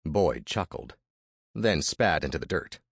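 A man's voice: rumbling low, animated, a little slow, breathy edge, no echo, studio quality. A man reading a first-person historical story as narrator, with dramatic, vivid storytelling.

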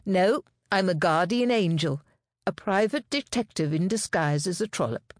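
A woman voicing a bold, cheerful female private detective in an audiobook, with a brisk, sarcastic manner. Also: fairly low pitch, animated, no room sound, clean studio sound, close to an everyday voice.

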